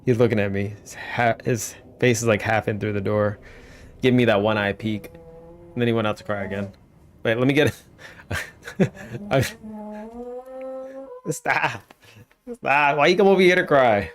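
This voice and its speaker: A man's voice: fairly low pitch, measured pace, long pauses. A man streaming a game, casually thinking aloud and rambling between tasks. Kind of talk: casual gameplay commentary.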